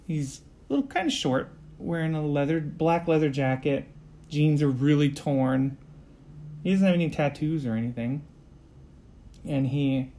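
A man running a tabletop role-play, narrating the scene in a relaxed, loose way full of fillers. His voice sits a bit high for a man, and he moves it along briskly. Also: slight background noise. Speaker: game master.

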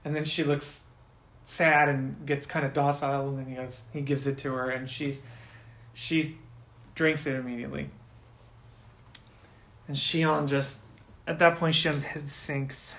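A man running a tabletop role-playing game as game master, narrating the scene and now and then voicing characters with sudden loud outbursts. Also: medium pitch, level tone, measured pace, long pauses, echoey room.

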